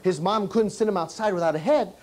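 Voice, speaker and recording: A man's voice: sits high, a little fast, a little hiss or hum. A man performing as a children's entertainer, telling a comic story on stage and firing questions at the kids. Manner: animated, quizzes the kids.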